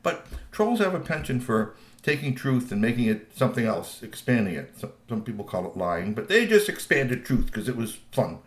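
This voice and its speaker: Man making up a bedtime story, lively, rambling, echoey room. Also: medium pitch, moderate pace. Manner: animated, meandering. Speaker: parent telling a bedtime story.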